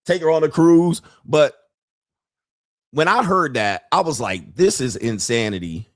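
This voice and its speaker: A man hosting a podcast, telling a story in a profane, animated way with frequent laughter. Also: a little high, slow, pauses often, no room sound, clean studio sound. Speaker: podcast host. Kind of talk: casual monologue.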